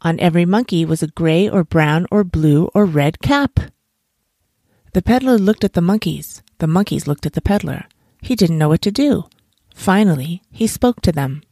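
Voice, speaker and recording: Woman, bedtime story reading, gentle and soothing, lowish voice, dry close recording. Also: lively intonation, normal speed, no echo.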